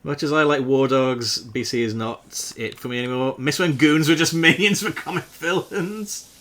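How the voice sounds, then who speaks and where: A man's voice: medium pitch, moderate pace, fairly bright tone. A man streaming live, chatting casually with viewers while he plays a game, joking and swearing freely. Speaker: variety streamer.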